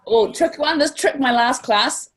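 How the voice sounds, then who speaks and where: A woman's voice: high voice, measured pace, fairly bright tone. A woman with a New Zealand accent teaching a class, upbeat and encouraging, stretching words out to model sounds. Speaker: language teacher.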